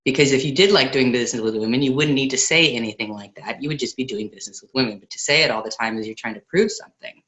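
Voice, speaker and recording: A woman co-hosting an online book club discussion, chatty and quick to laugh. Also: rumbling low, a bit bright, highs cut off. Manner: chatty, laughs often, quotes others in voices.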